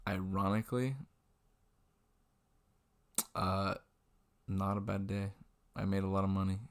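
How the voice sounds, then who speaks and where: Young male vlogger, deep and gravelly, rambling and self-deprecating, webcam at night. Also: level tone, measured pace. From Washington state, US. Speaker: restaurant server telling a work story. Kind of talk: casual storytelling vlog. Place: indoors at a computer, late at night. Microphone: webcam mic.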